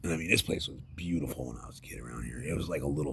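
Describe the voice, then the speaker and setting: A middle-aged man rambling candidly about his life in a personal vlog, halting and full of fillers and restarts, getting emotional so his voice keeps sinking to a near whisper. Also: rumbling low, creaky, fairly bright tone, a little hiss or hum.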